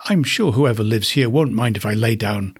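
A man reading a storybook and voicing Goldilocks, a curious little girl, in a raised, breathy voice. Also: on the low side, normal speed, no echo, studio quality.

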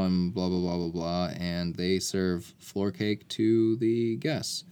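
A man with a fairly low voice chats casually about a film. He rambles through the plot, often breaking off and correcting himself. He sounds relaxed and conversational. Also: slow, few pauses, clear, resonant tone. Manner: rambling, self-correcting retelling. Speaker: podcast co-host. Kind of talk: casual movie recap chat.

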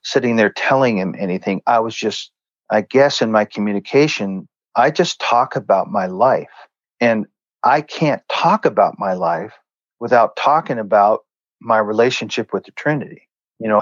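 A man appears as a guest in a faith interview, telling stories in an earnest, conversational way and acting out what other people said. His voice is lowish, and the recording has no echo and cut-off highs.

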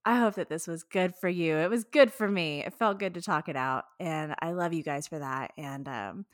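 A woman's voice: deep voice, normal speed, dry recording, studio quality. A woman hosting a solo podcast, talking in a candid, heartfelt way with frank swearing. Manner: emotional, speaks of tears. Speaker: podcast host.

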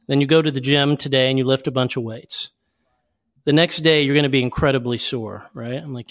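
A man's voice: medium pitch, fairly even intonation, fast talker. A man being interviewed as a guest, speaking earnestly and picking up speed when recounting stories. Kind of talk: conversational interview.

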